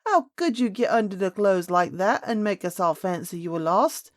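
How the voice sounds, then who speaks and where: A woman voicing an angry, flustered nurse who scolds in sharp outbursts. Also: fairly low pitch, steady tone, unhurried, no room sound, clean studio sound, lightly acted. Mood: scolding.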